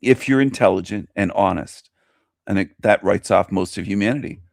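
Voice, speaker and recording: A man's voice: low voice, moderate pace, vocal fry, dry recording, studio quality. A man hosting his own show, commenting on a video he plays, scornful and mocking as he rants. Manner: scornful, mocking, animated ranting. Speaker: host.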